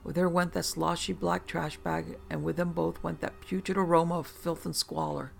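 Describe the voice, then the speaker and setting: A narrator telling a first-person horror story in a dry, measured way with slow dramatic pauses, over a faint music bed. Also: medium pitch, little pitch movement, vocal fry.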